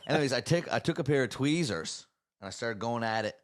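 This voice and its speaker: A man's voice: medium pitch, brisk. A man telling a story in casual chat, often ending his sentences with a tag question. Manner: relaxed, tags sentences with "right?". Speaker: podcast host.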